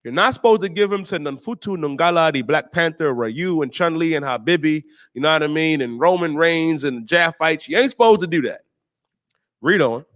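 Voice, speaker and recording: A man's voice: fairly high pitch, animated, normal speed, a bit bright. Emphatic slangy male scripture preacher. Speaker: host and teacher.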